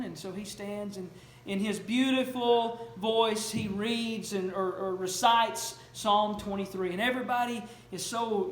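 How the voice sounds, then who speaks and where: High-voiced preacher, echoey church. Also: male voice, fairly even intonation, normal speed, hardly any pauses. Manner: earnest, questioning, storytelling. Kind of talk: sermon. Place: church sanctuary. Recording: echoey church room, faint noise.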